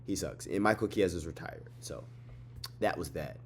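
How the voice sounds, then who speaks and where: Young man, lowish voice, excitable, swears a lot, tired and yawning. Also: normal speed, breathy edge. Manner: excitable, swearing, repeats phrases, trash-talks. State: tired, yawning late at night. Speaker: MMA fight recap host. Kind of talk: casual fight breakdown vlog.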